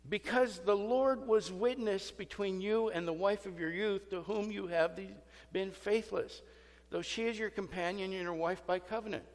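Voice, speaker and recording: A man preaching a sermon as pastor, animated and emphatic with self-deprecating asides. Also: high-pitched. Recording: long hall reverb.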